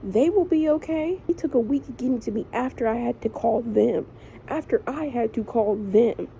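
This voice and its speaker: A woman's voice: on the high side, normal speed, gravelly, mellow, slight background noise, low-quality recording. A young woman vlogging in a frustrated, emotional way, swearing often as she vents. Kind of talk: casual venting vlog.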